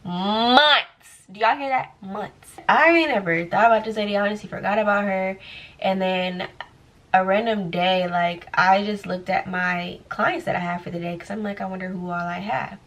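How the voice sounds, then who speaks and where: A young woman, a lash tech, telling a story casually and acting out what people said with big jumps in pitch. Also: moderate pace, recorded from a distance, low-quality recording. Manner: animated, acts out quoted dialogue with big pitch jumps. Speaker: lash technician vlogger.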